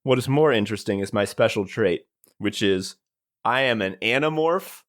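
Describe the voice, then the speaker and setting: A man's voice: lowish voice, animated, moderate pace. A man who is a guest player in a tabletop role-play podcast, talking in a playful, casual way and swearing now and then.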